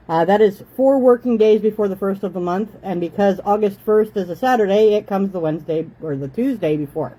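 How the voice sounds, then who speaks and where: A woman in her thirties from Canada talks to her viewers from her living room in a relaxed, chatty way. Her voice is warm and mellow, and she sounds like a busy mother who keeps turning aside to tell her children to eat nicely. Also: mid-range voice, a little fast, few pauses, poor audio. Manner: chatty, motherly, breaks off to scold kids. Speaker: host. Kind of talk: casual home livestream chat.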